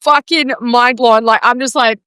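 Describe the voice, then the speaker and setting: A woman hosting a podcast in casual chat, excitable and swearing freely, with plenty of fillers. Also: fairly high pitch, normal speed, smooth, no echo. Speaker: podcast host.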